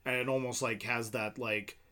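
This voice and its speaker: A man co-hosting a casual film podcast, talking in loose, rambling runs full of "like" and restarts. His voice sits at an ordinary middle pitch. He sounds relaxed and conversational, thinking aloud as he goes. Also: normal speed. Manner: rambling, many fillers and restarts. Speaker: podcast co-host.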